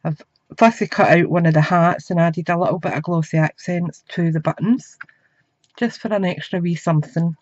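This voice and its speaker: A woman's voice: lowish voice, moderate pace, a little mellow, no echo, highs cut off. A woman giving a crafting tutorial from her desk at home, chatting as she works with her hands. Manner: chatty, talks while working with her hands. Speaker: craft demonstrator. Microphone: camera mic.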